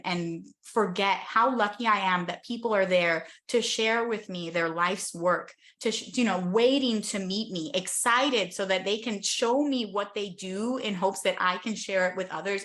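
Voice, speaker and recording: Bright, animated young American woman. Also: mid-range voice. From United States. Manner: animated and enthusiastic, quick asides with "like". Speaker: interview guest, travel content creator. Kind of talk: casual storytelling in an interview.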